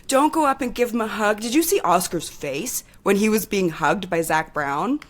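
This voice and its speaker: A woman's voice: mid-range voice, animated, normal speed. A woman co-hosting a podcast in casual chat, talking with heated, impassioned energy and swearing freely. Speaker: podcast co-host.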